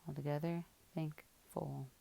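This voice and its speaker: A woman's voice: sits low, little pitch movement, a little slow, vocal fry, mellow. A woman teacher working through a spelling lesson, patiently sounding out each word part by part.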